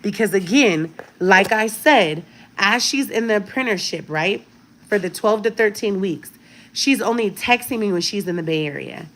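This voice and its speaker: A woman's voice: medium pitch, expressive, moderate pace, fairly bright tone. A woman in her thirties talking casually to her viewers, telling a personal story with emphatic repetition and frequent "right?" check-ins. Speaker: vlogger.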